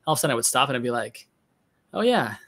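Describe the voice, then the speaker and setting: A man's voice: medium pitch, fairly even intonation, very fast, bright, forceful tone. A man hosting a podcast interview who reflects on his guest's points and thinks aloud, with fillers. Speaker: podcast host. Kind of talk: conversational interview.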